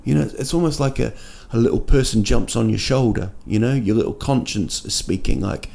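Kiwi-male comic host, mellow gravelly voice, loose rambling delivery full of restarts. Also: medium pitch, fairly quick. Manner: rambling and jokey, with many restarts and fillers. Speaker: podcast host and comedian. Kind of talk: casual comic monologue. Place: indoors at night in a city.

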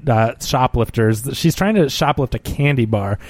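A man co-hosting a casual movie review chat, retelling scenes with quick silly voices. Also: medium pitch, darkish tone, no room sound. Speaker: podcast host.

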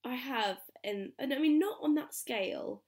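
A young woman co-hosting a podcast, animated and exclamatory as she tells stories. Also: high voice, moderate pace. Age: young adult. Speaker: podcast co-host. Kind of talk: casual chat.

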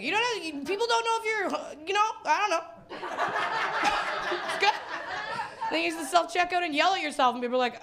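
A woman's voice: extremely high pitch, fast, a bit bright. A young woman from Winnipeg performing a live stand-up set on a small theater stage, rambling and self-mocking, laughing through her lines. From Canada, Winnipeg. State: hungover. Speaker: stand-up comedian.

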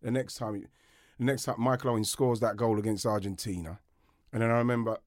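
A middle-aged former footballer, co-hosting a podcast, rambles through a long story in casual chat, restarting often and breaking into laughter. His voice is lowish, steady, fast, and a little mellow, recorded clean in a studio with no room sound.

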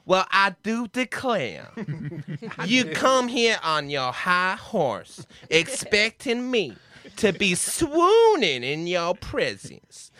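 A haughty Southern belle, put on by a British man in an improv comedy podcast, drawling her lines slowly and theatrically with a dismissive air. The voice sits fairly high and bright. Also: huge pitch swings, no room sound, heavily acted. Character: haughty genteel American Southern belle, woman.

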